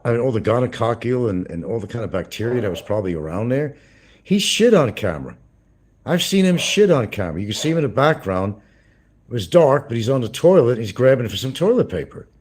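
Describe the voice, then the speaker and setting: A man's voice: medium pitch, big pitch swings, brisk, darkish tone, breathy edge. A man hosting a livestream, rambling through crude gossip with swearing and chuckles. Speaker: livestream host. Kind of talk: casual livestream commentary.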